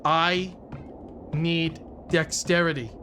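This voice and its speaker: Male streamer, casual let's play, deadpan, reads game text, slightly high voice. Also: takes it slowly, a little hiss or hum.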